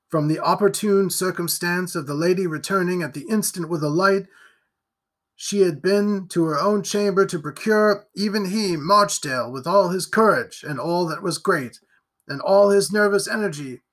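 A male narrator reads an old gothic novel with expressive, theatrical delivery. His voice is bright and ringing, pitched well above the usual for a man. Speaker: audiobook narrator. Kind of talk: dramatic audiobook narration.

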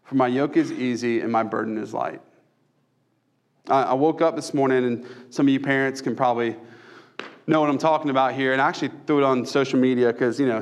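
A young man, preaching a casual sermon with self-deprecating humor. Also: mid-range voice. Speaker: pastor.

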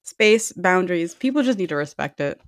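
A woman's voice: lowish voice, animated, moderate pace, no room sound. Blunt, foul-mouthed young woman telling stories. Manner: blunt, profane storytelling with acted-out quotes. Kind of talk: casual chat.

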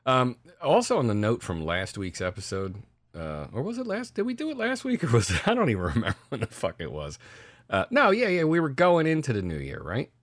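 A middle-aged man co-hosting a podcast, telling stories in a casual, profane, animated way. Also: medium pitch, fairly quick, no echo, clean studio sound. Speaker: podcast co-host. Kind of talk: casual chat.

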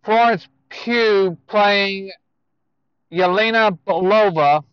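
A man giving casual movie news to viewers, speaking in a halting way with self-corrections and asides. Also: high-pitched, clear, resonant tone, no room sound, muffled recording.

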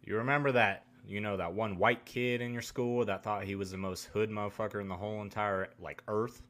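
A man's voice: on the low side, steady tone, fairly quick, a bit bright. A man co-hosting a casual podcast, making blunt, dry remarks. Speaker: podcast co-host.

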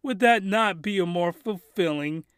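A man voicing a smug young male protagonist who reasons aloud in a drawn-out way. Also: high-pitched, clear, resonant tone, dry recording, studio quality. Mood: scheming.

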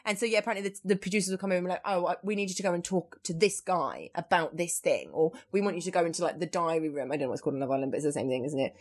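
A young woman hosting a podcast, chatting casually about news stories in a lively, chatty way with lots of asides. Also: lowish voice, racing, hardly any pauses. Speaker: podcast host.

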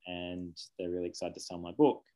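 A man's voice: deep voice, fairly even intonation, fairly quick, mellow, rough recording. A man, a children's book author chatting casually in an interview, rambling and self-correcting, laughing easily.

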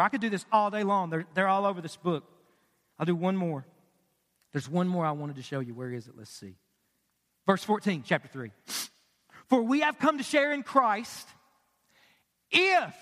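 A man in his thirties preaching with a strikingly high, bright, forceful voice. He presses his points with rhetorical questions and sudden hushed drops. The sound rings with the long reverb of a large hall. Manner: emphatic, asks the congregation questions, drops to quiet for emphasis. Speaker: pastor. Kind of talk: sermon.

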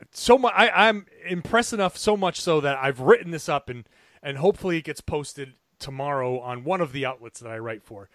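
A man talking basketball on a podcast in an eager, analytical way. His voice sits a bit higher than most men's. The recording is close and dry, with no room sound, and he stumbles and restarts as his excitement builds. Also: dry recording. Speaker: podcast co-host and basketball writer. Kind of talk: casual sports podcast chat.

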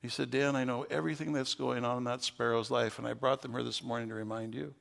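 An older man, a pastor with a gravelly voice, preaching a sermon with folksy stories that rise into fervent preaching. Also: medium pitch, steady tone, fast talker, fairly bright tone, big-room sound.

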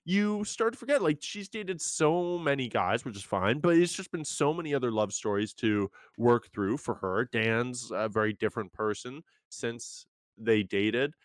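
A man's voice: mid-range voice, moderate pace, dry recording. A young man talks through a TV recap in a loose, self-mocking way. His delivery wanders and restarts with plenty of energy. The sound is close and dry. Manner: animated, rambling, self-mocking. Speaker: podcast co-host. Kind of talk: casual recap chat.

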